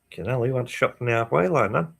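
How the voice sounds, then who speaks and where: A man's voice: mid-range voice, lively intonation, rapid-fire, gravelly, fairly bright tone. A man hosting a live match watchalong, chatting casually, swearing and reading chat messages aloud. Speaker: fan channel host.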